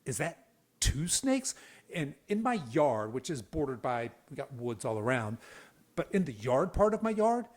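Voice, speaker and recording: A man in his fifties from the Southeastern US hosts a podcast, telling a story in a casual, folksy, animated way with lots of restarts and laughs. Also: medium pitch, normal speed. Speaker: podcast host.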